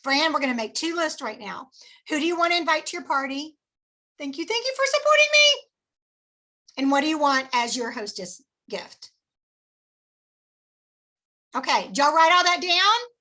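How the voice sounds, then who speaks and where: A woman's voice: sits high, lively intonation, moderate pace, pauses often, bright, forceful tone. A woman sales trainer leading a live training session. She talks energetically, coaches her listeners and calls on them by name. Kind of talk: live training session with scripted role-play.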